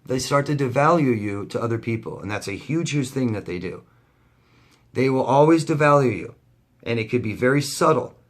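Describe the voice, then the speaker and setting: A man's voice: mid-range voice, expressive, moderate pace. A man, a life coach, talking straight to camera in a vlog, blunt and heated, swearing often and repeating himself for emphasis. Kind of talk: direct-to-camera vlog rant.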